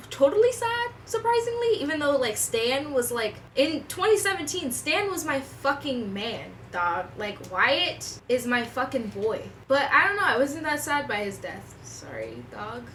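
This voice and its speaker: Animated young woman, bright and high. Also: normal speed, hardly any pauses, recorded from a distance, rough recording. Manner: profane, animated, slangy storytelling. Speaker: vlogger. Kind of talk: casual storytime chat. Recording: voice a bit off-mic with faint room noise.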